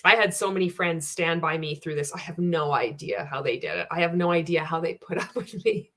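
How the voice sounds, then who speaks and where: A woman's voice: lowish voice, fairly quick, a bit bright. A woman giving a sarcastic, profane reaction rant as a video commentator, blunt and scornful.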